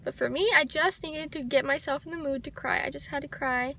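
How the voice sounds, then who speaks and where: A young woman talking to the camera in a personal vlog, soft, heartfelt and reflective. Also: high-pitched, steady tone, brisk, creaky, slight background noise. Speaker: vlogger. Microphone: handheld camera.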